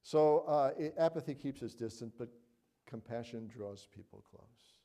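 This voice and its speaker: Middle-aged male pastor, warm low-key tone, earnest sermon full of check-ins. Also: moderate pace. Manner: earnest, conversational, frequent "all right?" and "you know".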